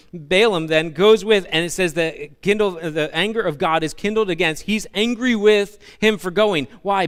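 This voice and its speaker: Brief: male pastor, animated storytelling sermon, smooth resonant voice. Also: sits high. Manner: animated storytelling with humorous asides.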